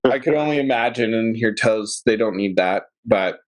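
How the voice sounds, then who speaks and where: Chill podcast host dude, lowish voice, rambles with lots of uh and you know. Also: male voice, moderate pace. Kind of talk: casual podcast chat.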